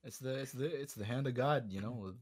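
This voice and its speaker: A man's voice: mid-range voice, a little fast, breathy edge. A man co-hosting a podcast in casual chat, laid-back and affirming, setting up a game segment. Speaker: podcast co-host.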